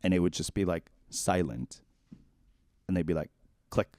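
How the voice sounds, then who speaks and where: A man's voice: deep voice, moderate pace. A man around forty co-hosting a podcast, telling a personal story in a rambling, casual way full of "like". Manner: rambling, heavy use of "like", animated, then quiet and shaken. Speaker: podcast co-host.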